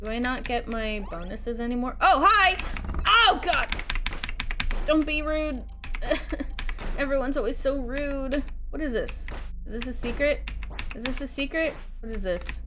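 A woman's voice: high voice, normal speed, noisy background. A woman live-streaming a video game, chatting casually, giggling and thanking her viewers. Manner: giggly, animated, talks to herself and thanks chat.

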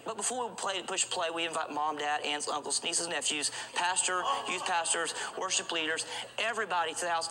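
A male street preacher gives an urgent evangelistic sermon in a high, very bright and cutting voice. He stumbles into repetitions and throws out rhetorical questions. The recording is rough, with a faint ambient hiss behind him.

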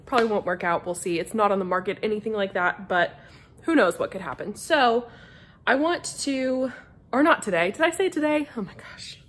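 A woman's voice: medium pitch, lively intonation, fairly quick. A young adult woman chatting casually to camera from her couch at home, rambling and a little scattered as she shares house updates. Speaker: vlogger. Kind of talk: casual vlog chat. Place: home living room couch.

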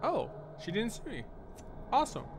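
A man's voice: high-pitched, huge pitch swings, moderate pace, creaky, slight background noise. A man narrating a horror game playthrough, joking and self-mocking as he talks to the characters on screen. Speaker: game host playing a horror game. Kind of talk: let's play commentary.

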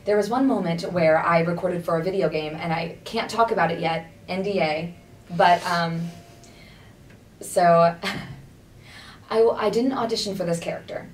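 A woman from Texas with a Texan accent, chatting in an animated, casual way as a voice actor being interviewed at a convention. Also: fairly low pitch, unhurried, long pauses. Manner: chatty, animated, laughs often. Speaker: voice actor guest. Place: busy convention venue. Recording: echoey room, far from the mic, faint noise.

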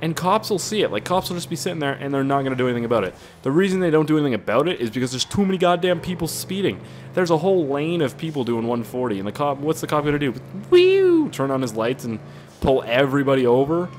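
Excitable man rambling over gameplay. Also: fairly high pitch, fast, a little hiss or hum. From Canada. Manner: excitable, rambling, swears often. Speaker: gaming YouTuber. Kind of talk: casual gameplay commentary.

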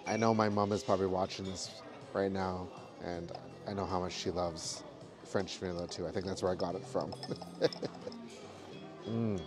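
Male travel vlogger, low voice, easygoing chatty reviewer, background music. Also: moderate pace, pauses often. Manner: chatty, relaxed food reviewing. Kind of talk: casual vlog chat. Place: theme park restaurant, then hotel.

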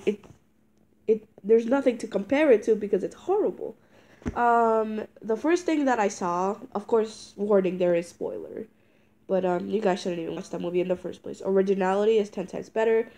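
A woman's voice: mid-range voice, dark tone. A congested teenage girl talks straight to her viewers, sick and stuffy but still fired up. She rambles through her complaints with lots of ums, likes and restarts. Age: teens. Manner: rambling, with many fillers and restarts; indignant ranting. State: congested from a cold. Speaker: vlogger. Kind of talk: casual talking-head review.

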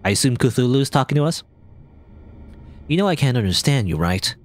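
A man hosting a let's play, reading game dialogue aloud and commenting in a playful, animated way. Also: mid-range voice, moderate pace. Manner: animated, playful, voices characters.

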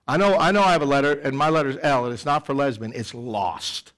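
A middle-aged man preaching a sermon in church, animated, swinging between loud emphasis and quiet asides. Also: medium pitch, a little fast. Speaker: pastor. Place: church sanctuary.

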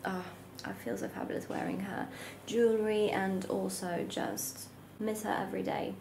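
A young woman with a mid-pitched, gravelly voice chats casually to her own camera at home. She talks freely and often slips into a soft near whisper. A faint hiss sits under her voice. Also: moderate pace. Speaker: vlogger. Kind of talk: casual self-filmed vlog chat. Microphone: camera held by herself.

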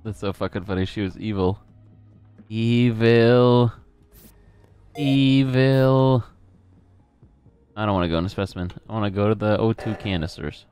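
A man's voice: on the low side, unhurried, long pauses, darkish tone, soft background music. A man hosting a gaming channel, chatting casually during a game, joking and swearing. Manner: joking, swearing, laughs often. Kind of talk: casual gameplay chat.

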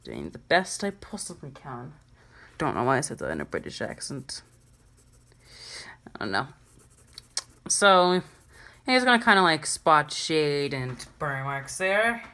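A woman's voice: low voice, big pitch swings, unhurried, long pauses, sharp tone. A woman hosting a drawing channel, giving a casual, chatty and self-deprecating drawing tutorial.

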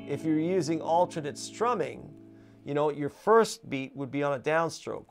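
A man's voice: on the high side, expressive, moderate pace. A man teaching a guitar lesson in a casual, chatty way, counting beats aloud as he strums. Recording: guitar playing loud behind voice. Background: acoustic guitar strumming.

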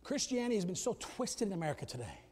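A middle-aged man preaches from the pulpit in a high, ringing voice. His sermon swings from soft, chatty asides to loud, shouted climaxes. The sound carries a long reverb from a large church hall. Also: very animated, very fast, slightly rough. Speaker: pastor. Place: church sanctuary.

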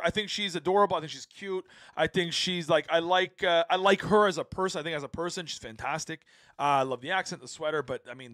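Brief: male host, high voice, dry close sound, animated and emphatic. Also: no room sound. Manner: animated, laughs often, repeats himself for emphasis. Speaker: host of a reaction stream. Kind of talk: casual panel chat.

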